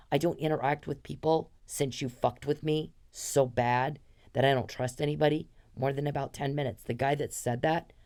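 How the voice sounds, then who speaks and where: A woman's voice: a bass voice, darkish tone. A woman in her fifties hosting a podcast, ranting in an angry, profane, accusatory monologue aimed straight at one person. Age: 50s. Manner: angry, profane, accusatory, addressing someone directly. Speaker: podcast host.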